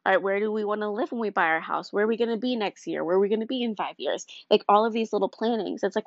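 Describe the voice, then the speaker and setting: A woman's voice: mid-range voice, fast, hardly any pauses, no room sound, dull audio. A tired young woman speaking candidly and earnestly in a rambling, confessional faith talk.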